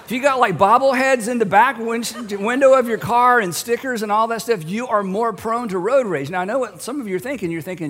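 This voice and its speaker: A man in middle age preaches a sermon, and his voice sits high for a man. He keeps the tone conversational and joking and acts out the voices he quotes. A long reverb hangs after each phrase, as in a large church hall. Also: a little fast, few pauses, fairly bright tone. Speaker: pastor.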